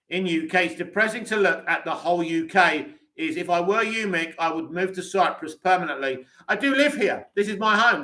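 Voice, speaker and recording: A high-pitched man with an English accent hosts a live stream and answers viewer comments bluntly. His voice is very bright and sharp, and his takes are curt and dismissive. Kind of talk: reading and answering live chat.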